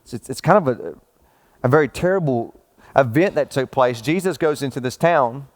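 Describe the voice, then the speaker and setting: A middle-aged male pastor preaching a sermon in a conversational, emphatic way, swinging between loud rising peaks and slow low stresses. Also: lively intonation. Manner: emphatic and conversational, repeating "watch this" and addressing listeners as bro.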